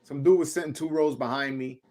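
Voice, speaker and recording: A man's voice: a little high, fairly even intonation, a little fast. A man hosting a casual boxing chat, brash and profane as he tells stories. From Brooklyn, New York. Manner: brash, loud, profane storytelling. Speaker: podcast host.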